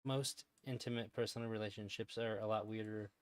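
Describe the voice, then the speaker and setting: A man reviewing a clip on his stream in casual commentary, rambling with many pauses and restarts and laughing often. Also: on the low side, steady tone, clean tone, no room sound, studio quality.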